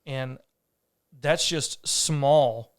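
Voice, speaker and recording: Drawing out his words in a clear, resonant, medium-pitched voice, a man hosts a podcast with studio-quality sound and no echo. He tells a personal story casually and earnestly, rambling and restarting as he goes.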